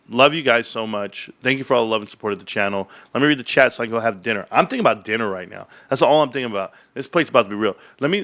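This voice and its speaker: A man hosting a casual livestream, rambling and joking as he chats and reads the chat. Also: lowish voice. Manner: rambling, animated, jokey. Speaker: livestream host.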